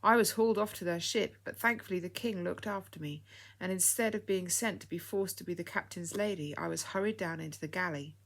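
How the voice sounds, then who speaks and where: Woman, narrator, audiobook story, steady reading, lowish pitch. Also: a little fast.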